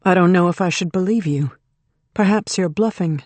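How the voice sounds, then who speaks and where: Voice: mid-range voice, normal speed, a little mellow, no echo, lightly acted. Eve, narrator voicing a tense, bitter mother. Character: determined mother under strain, adult woman. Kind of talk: audiobook character reading.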